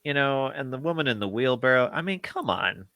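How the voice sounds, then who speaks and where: A man's voice: medium pitch, expressive, fairly quick, sharp tone, no echo, clean studio sound. A man in his thirties co-hosting a casual film review podcast, laughing often and acting out what he would say. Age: 30s. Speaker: podcast co-host.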